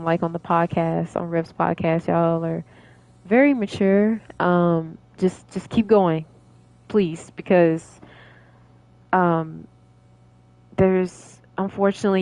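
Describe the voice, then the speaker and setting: A woman's voice: on the low side, level tone, slow pace, a little mellow, smooth, no echo. A young woman streamer chatting casually with her viewers, laughing often and rambling with many fillers. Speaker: gaming streamer.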